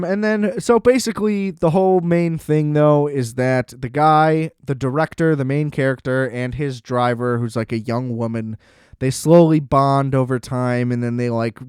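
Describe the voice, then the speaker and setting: A man talks through a film in a casual review chat, his pitch sitting in a middle range. His delivery is loose and joking, with plenty of swearing. The recording is dry and close, with no room echo. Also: a little mellow, clean tone. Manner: loose, profane, joking recap with laughs. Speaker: film review show host.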